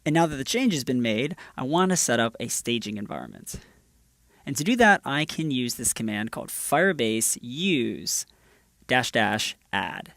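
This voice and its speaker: A man's voice: mid-range voice, big pitch swings, moderate pace, vocal fry, a bit bright, dry recording, clean studio sound. A man presenting a screencast tutorial, walking through each step in an upbeat, casual way. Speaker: developer advocate presenting a tutorial.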